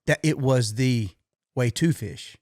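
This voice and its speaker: A man from the American South hosts a podcast in a relaxed, agreeable way, often telling stories. His voice sits in a middle pitch, and the recording is close and dry. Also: slow pace, dry recording. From Southern United States. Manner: easygoing, agreeable, storytelling. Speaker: podcast host. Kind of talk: casual chat.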